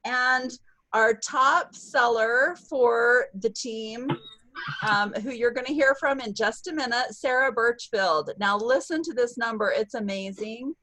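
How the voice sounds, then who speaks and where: A woman's voice: on the high side, a little slow, pushed and bright, dry recording, low-quality recording. A woman leading a virtual sales-team meeting over a video call, bubbly and upbeat, cheering often. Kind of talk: upbeat online meeting announcements.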